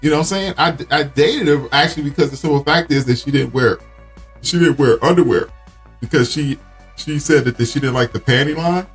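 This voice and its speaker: A man's voice: a little high, a little fast, breathy edge, faint music behind. A man co-hosting a podcast in casual chat, rambling through stories and acting out both sides of each exchange. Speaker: podcast co-host.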